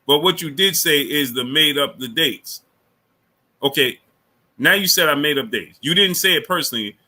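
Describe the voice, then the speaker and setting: A man's voice: medium pitch, pushed and bright. A man hosting a live boxing stream, lecturing a viewer, repeating himself and greeting chatters by name. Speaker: boxing channel host.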